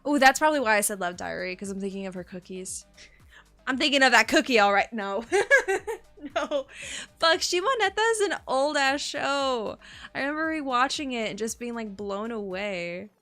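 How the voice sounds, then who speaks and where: A young woman streaming and chatting casually with her viewers, excitable and quick to swear, gasp and laugh. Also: a little high, soft background music. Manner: excitable, swears freely, gasps and laughs often.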